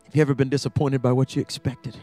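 A male campus ministry preacher giving a sermon in a church, telling stories dramatically and building to loud peaks. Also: medium pitch, little pitch movement, fast talker, faint music behind.

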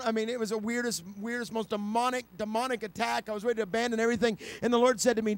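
A middle-aged man preaching a sermon, telling a personal story and rising to loud, passionate peaks. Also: very high voice, steady tone, quick pace, no room sound.

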